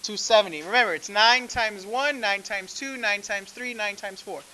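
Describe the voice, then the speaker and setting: In this low-quality recording, a man with a high-pitched, sharp voice teaches a math class at a moderate pace. His classroom lecture is conversational, and he asks the students questions frequently.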